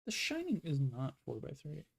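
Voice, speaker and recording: A man's voice: fairly high pitch, huge pitch swings, moderate pace, creaky. A man talking to himself in a rambling way as he draws, giving casual commentary. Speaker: artist.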